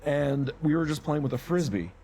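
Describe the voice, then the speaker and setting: A man's voice: a little high, expressive, moderate pace, warm tone, a little hiss or hum. A man co-hosting a podcast, telling stories in a rambling, casual way and laughing often. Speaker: podcast co-host. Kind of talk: casual chat.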